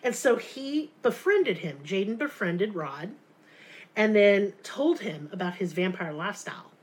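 A woman, co-hosting a casual true crime podcast, telling the story with sarcastic, animated asides. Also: medium pitch, a little slow.

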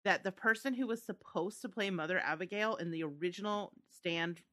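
A woman's voice: lowish voice, fairly quick, bright, forceful tone. A woman co-hosting a podcast, chatting in an easygoing way with lots of filler words. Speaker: podcast co-host. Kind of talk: casual chat about a TV adaptation.

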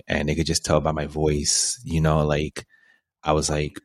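Man in his thirties, very deep voice, rambling podcast storyteller, laughs a lot. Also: monotone, moderate pace, no echo. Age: 30s. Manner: rambling, filler-heavy, laughs often. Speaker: podcast co-host.

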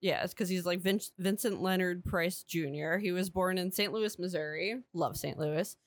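A woman co-hosting a casual chat, talkative and quick to laugh, peppering her sentences with "like.". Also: on the low side.

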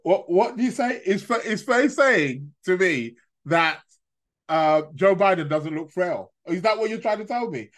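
A man's voice: high-pitched, lively intonation, a little slow. A man hosting a casual live stream, rambling, stammering through restarts and chuckling at his own remarks. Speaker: astrology live-stream host.

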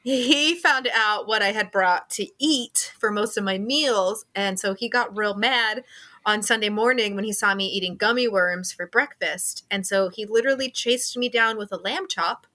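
A woman's voice: medium pitch, sharp tone. A woman who is a guest on a casual podcast, telling stories playfully and chiming in with giggles. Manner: giggly, playful, quick to chime in. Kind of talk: casual storytelling interview.

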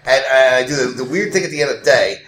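A man's voice: mid-range voice, fast talker, a bit bright, echoey room. A man co-hosting a podcast in casual chat, rambling, repeating words and laughing often. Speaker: podcast co-host.

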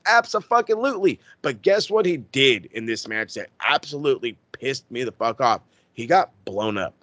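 A man's voice: on the high side, a bit bright, dry recording. A man hosting a casual wrestling podcast, ranting in a fired-up way and swearing constantly. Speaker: podcast host.

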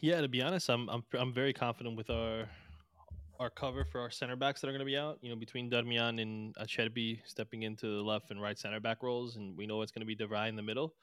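A man with a bright, smooth voice chats casually on a podcast, repeating words as he restarts his thoughts. The sound is dry and close, with no room around it. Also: medium pitch, fast talker, no room sound. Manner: stammering restarts, relaxed. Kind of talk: casual chat.

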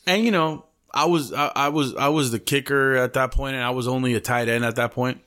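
A man's voice: medium pitch, steady tone, fairly quick, a bit bright. Profane, slangy young man telling stories. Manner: profane, slangy storytelling full of "bro"; mixes Spanish slang into English. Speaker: podcast co-host. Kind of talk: casual chat.

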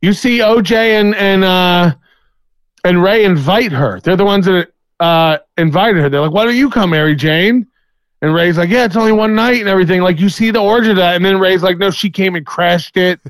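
A man's voice: high voice, brisk, no echo. A man co-hosting a live show, telling rambling gossip stories and quoting others in mock voices. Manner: rambling storyteller, quotes people in mock voices. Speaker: podcast co-host. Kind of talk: casual live-stream banter.

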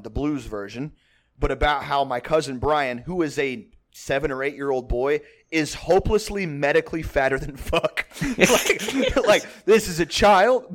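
A man's voice: medium pitch, a bit bright. A man from Texas hosting a podcast, telling a family story in a rambling, profane way with frequent laughter and restarts. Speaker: podcast host. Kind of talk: casual storytelling.

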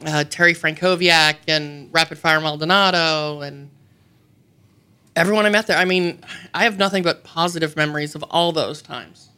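A woman guest on a radio show, telling animated, self-mocking childhood stories in a casual way. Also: deep voice, normal speed, clear, resonant tone. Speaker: guest, wrestling personality. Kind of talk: casual storytelling. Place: radio studio.

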